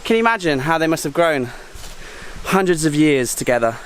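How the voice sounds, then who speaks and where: A man filming a casual travel vlog outdoors, chatty and excitable, making joking asides to the camera while walking through a jungle park. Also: fairly high pitch, a little fast, a little hiss or hum. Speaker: travel vlogger.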